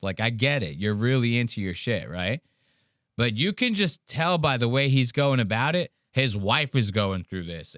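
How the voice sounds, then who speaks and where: In a clean studio recording without room sound, a podcast host with a medium-pitched voice goes on an animated, profanity-heavy rant during casual conversation.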